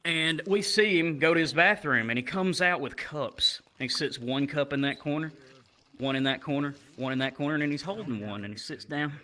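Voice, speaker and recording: A young man doing crude, animated stand-up storytelling that jumps up into loud shouts. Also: a little high, moderate pace. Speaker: stand-up comedian.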